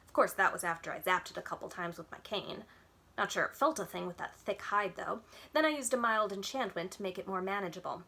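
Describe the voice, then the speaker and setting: A woman reading as a gruff, bossy old witch. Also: mid-range voice, a little fast, sharp tone. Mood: storytelling. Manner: gruff and commanding, barks orders. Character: tough older woman witch, brisk and bossy. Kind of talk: reading a children's novel aloud.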